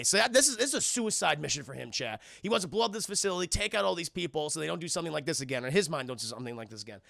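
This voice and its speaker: A man giving a casual, excitable and profane commentary as a cartoon reviewer, often talking to his chat. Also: fairly high pitch, rapid-fire, vocal fry, hardly any pauses, no echo, studio quality.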